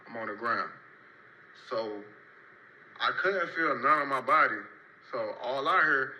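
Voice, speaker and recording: Bright-voiced young man telling a street story. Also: muffled recording. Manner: slang-heavy, loose rambling narration with repeated "so boom" beats. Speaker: storyteller in a played clip. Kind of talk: casual story time.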